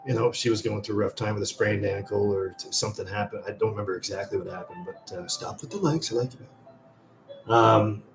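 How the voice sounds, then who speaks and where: Guy on a livestream, kinda low voice, rambling and swearing, echoey room w/ a little music in the back. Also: fairly quick, creaky. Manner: rambling, swears freely, storytelling. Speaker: livestream host. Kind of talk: casual live-stream chat. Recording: roomy echo, faint music behind.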